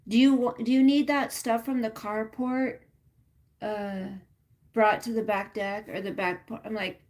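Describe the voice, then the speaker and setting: A woman's voice: fairly high pitch, fairly even intonation, unhurried, a little mellow. A woman hosting a casual livestream, rambling and venting with lots of fillers and some swearing. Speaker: livestream host.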